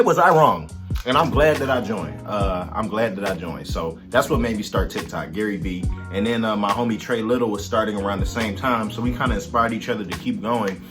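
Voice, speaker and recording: Give me a relaxed, chatty man answering fan questions over background music. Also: medium pitch. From Detroit, Michigan, USA. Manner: laid-back, slangy, chatty with viewers. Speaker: musician and content creator. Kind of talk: casual Q&A vlog.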